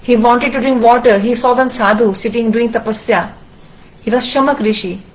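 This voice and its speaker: A woman translating a religious discourse, telling a sacred story earnestly with frequent halting restarts. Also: fairly high pitch, steady tone, rough recording. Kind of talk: sermon storytelling.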